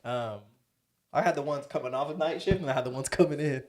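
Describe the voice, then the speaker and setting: Fast-talking, profane young man telling a story. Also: a little high, a little mellow. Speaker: podcast co-host. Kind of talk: casual chat, storytelling.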